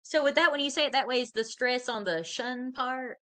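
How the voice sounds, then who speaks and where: A woman's voice: sits high, normal speed, bright, forceful tone. A woman student in a one-on-one tutoring session, hesitant and polite, asking questions.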